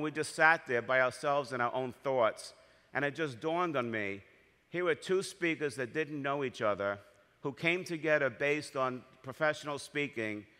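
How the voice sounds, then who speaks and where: A man's voice: mid-range voice, sharp tone, clear, resonant tone. A man telling heartfelt stories in a keynote speech as an association president, in a large convention hall. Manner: storytelling, heartfelt. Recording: long hall reverb.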